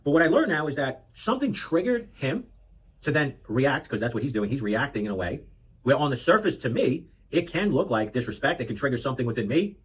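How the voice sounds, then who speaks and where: A man's voice: mid-range voice, expressive, brisk, husky, poor audio. A man in his thirties talking earnestly about fatherhood in a reflective monologue, often restarting and adding asides. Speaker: parenting vlogger. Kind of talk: reflective talk to camera.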